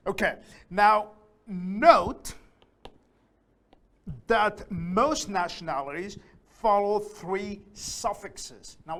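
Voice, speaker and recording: Slow-speaking man teaching English. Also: sits high, fairly bright tone. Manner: slow, careful, repeats words for pronunciation. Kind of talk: beginner English lesson.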